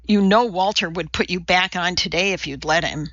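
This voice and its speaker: A woman's voice: lowish voice, normal speed, a bit bright, dry recording, dull audio, lightly acted. A woman voicing a protective, feisty older female neighbor who chats indignantly, in a storybook reading. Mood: chatty. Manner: chatty, indignant.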